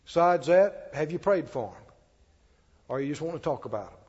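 A man's voice: fairly high pitch, expressive, moderate pace, darkish tone, slightly rough. A male pastor preaching a sermon in a folksy, conversational way, with chatty asides. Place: church sanctuary. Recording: dull-toned, echoey church hall.

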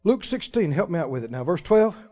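A man preaching a sermon as pastor, folksy and emphatic, with sudden loud swells and drawn-out words. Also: fairly high pitch, very animated. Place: church sanctuary. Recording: muffled recording in a reverberant church hall.

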